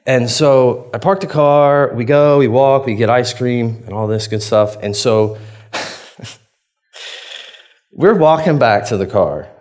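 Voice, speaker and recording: A man's voice: medium pitch, slow pace, long pauses, a little mellow. A man preaches a sermon in a mid-range voice. He is chatty and self-deprecating, laughing often as he tells a story about himself. He acts out his own past reactions in a loose, conversational way. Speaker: pastor.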